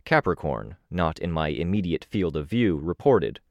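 A man narrating an audiobook in the first person, with a steady, measured delivery. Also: sits low, dry recording, clean studio sound.

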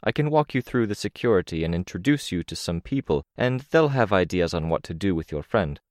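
A man reading an audiobook, voicing a worried young woman hero who talks in an urgent, hurried way. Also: deep voice, animated, no echo, studio quality. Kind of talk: audiobook character voice.

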